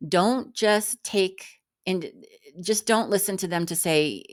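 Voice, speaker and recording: A woman's voice: medium pitch, takes it slowly. A woman in her fifties talking frankly in a personal vlog, chatty and exasperated, with many fillers and restarts. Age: 50s. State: exhausted. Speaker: vlogger.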